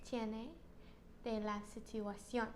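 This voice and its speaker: A woman's voice: a little high, level tone, takes it slowly, darkish tone, a little hiss or hum. A woman student in a lesson who gives short answers and finishes the teacher's sentences.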